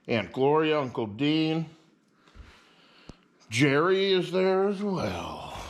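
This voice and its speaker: A man vlogging casually, switching to a high sing-song voice for his dog and talking easily to the camera. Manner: relaxed, easygoing narration. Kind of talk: casual vlog chat. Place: at home with a dog.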